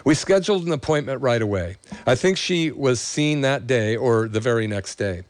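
A man's voice: medium pitch, lively intonation, moderate pace, dry recording. Emotional man reading a testimonial. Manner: emotional, choking up while reading; enthusiastic, promoting his practice. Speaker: chiropractor. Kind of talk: reading a patient testimonial aloud and chatting.

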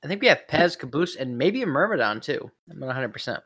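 Relaxed man chatting about games. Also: on the high side, fast. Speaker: tabletop game player. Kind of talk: casual chat.

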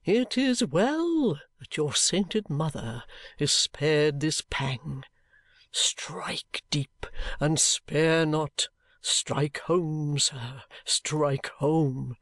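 A narrator voicing a vain, pompous elderly gentleman who speaks in grand, theatrical phrases and wallows in self-pity. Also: mid-range voice, sing-song, takes it slowly, no room sound, studio quality. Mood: wounded. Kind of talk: audiobook character reading.

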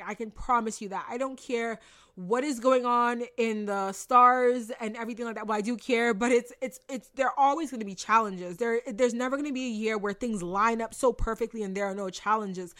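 A young woman giving an earnest, animated motivational talk, casual and repeating phrases for emphasis, swearing now and then. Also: fairly high pitch. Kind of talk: motivational monologue.

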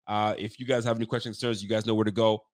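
A man hosting a casual sports talk livestream, swearing freely and getting worked up, his voice jumping high when he's fired up. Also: rapid-fire. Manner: animated, profane trash talk; pitch swings up when fired up. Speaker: sports talk show host.

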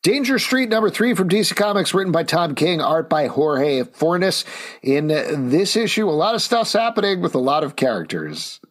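A man co-hosting a podcast in casual chat, talking in an animated, jokey, rambling way. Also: fairly high pitch, moderate pace. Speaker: podcast co-host reviewing comics.

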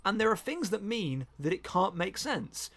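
A man's voice: sits high, very animated, moderate pace, gravelly, a bit bright. A man co-hosting a podcast, rambling enthusiastically through a casual chat and often correcting himself mid-sentence. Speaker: podcast co-host.

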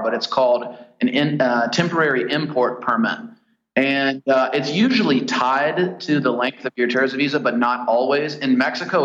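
Man from the US, guest on a podcast, relaxed storyteller, dull roomy line. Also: mid-range voice. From United States. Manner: easygoing storyteller, chatty and detailed. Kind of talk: casual interview chat.

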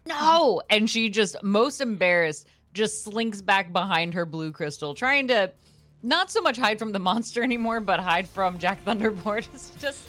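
A woman's voice: mid-range voice, expressive, moderate pace, fairly bright tone, no echo. A woman playing a tabletop game, playful and giggly. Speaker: player. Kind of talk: casual tabletop play.

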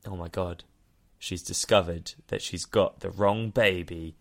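A man's voice: sits low, fairly even intonation, a little slow, gravelly, fairly bright tone. Laughing man recapping a film. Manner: rambling, laughing, swears freely. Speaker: podcast co-host. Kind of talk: casual film recap chat.

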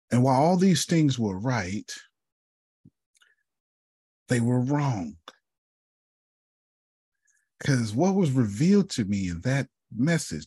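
A man giving a motivational talk to a group, telling a personal story, calling on listeners by name and often clearing his throat. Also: mid-range voice, sing-song, slow, long pauses, warm tone, no room sound. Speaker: speaker leading a group session.

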